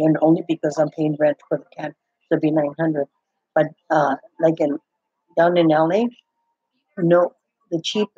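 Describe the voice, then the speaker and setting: Older woman, husky, chatty rambler, dry lo-fi recording. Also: lowish voice, dark tone, dry recording. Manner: rambling, full of restarts and "I go". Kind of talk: casual chat. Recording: dull, muffled, lo-fi sound.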